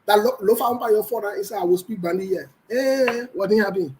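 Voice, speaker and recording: A man with a Liberian English accent runs a casual live show. He talks in a high register, greets viewers one by one and jokes loosely between topics. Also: fast talker, darkish tone, a little hiss or hum, poor audio. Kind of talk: casual livestream chat.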